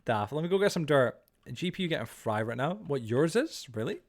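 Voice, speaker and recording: A man's voice: mid-range voice, expressive, a little fast. Rambling, joking male game streamer. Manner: rambling, full of "like" and "bro"; joking and teasing. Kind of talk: casual live-stream chat while playing.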